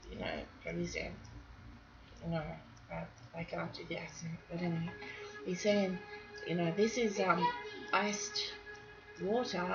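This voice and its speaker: A woman artist commentating casually while she draws, rambling with fillers, restarts and frequent laughs. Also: on the low side. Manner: chatty, laughs often, many fillers and restarts. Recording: dull lo-fi sound with music behind. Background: music.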